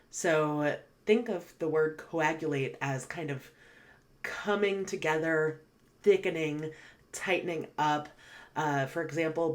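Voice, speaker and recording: A woman teaching English vocabulary, patiently explaining definitions and reading example sentences. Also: sits low. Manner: patient, clear, spells out definitions then reads example sentences.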